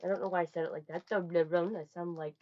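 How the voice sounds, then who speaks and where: A chatty young woman shows off her gifts in a loose, rambling way, often restarting her sentences and breaking into sudden loud bursts. Her voice sits a little low for a woman. The home recording sounds muffled and lo-fi. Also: fairly even intonation, quick pace. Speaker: vlogger. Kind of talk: casual show-and-tell haul.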